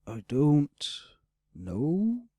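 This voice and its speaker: A man voicing a brooding male red dragon, speaking in a low, curt, growling way in an audiobook. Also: a little slow, vocal fry, warm tone, husky, dry recording, full character voice. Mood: conflicted. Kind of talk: audiobook character voice.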